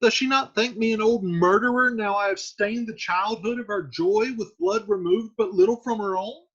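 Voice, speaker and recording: A man's voice: sits high, normal speed, a bit bright, breathy edge, pitched above the performer's own voice. A man voicing a distraught lovesick young man asking question after question. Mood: anguished. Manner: pleading rush of questions. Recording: dull lo-fi recording.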